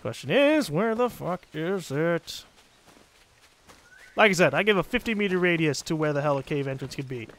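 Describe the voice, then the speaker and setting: A North American man talks through a video game in loose, profane let's play commentary. His voice sits high and swings widely in pitch, jumping up whenever something excites him. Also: moderate pace. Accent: central North American. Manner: casual, excitable, swears freely. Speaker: gaming commentator.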